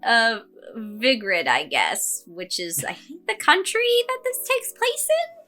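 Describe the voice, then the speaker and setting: A woman co-hosting a casual anime podcast, making dry, wry remarks in relaxed talk. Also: fairly high pitch, slow pace, faint music behind. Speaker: podcast co-host. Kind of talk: casual chat.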